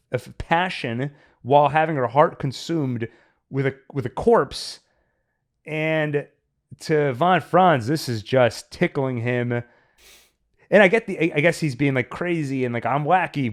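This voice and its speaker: A man hosting a podcast, chatting casually and analytically about a film as he thinks aloud. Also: fairly high pitch. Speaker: podcast host. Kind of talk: casual chat, film review.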